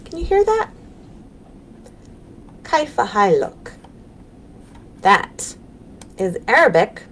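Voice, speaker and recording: A woman with an American accent, a children's librarian leading a live storytime lesson, gentle and encouraging, with frequent ums. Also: fairly high pitch, sing-song, slow pace, long pauses. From United States. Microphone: webcam on a live stream.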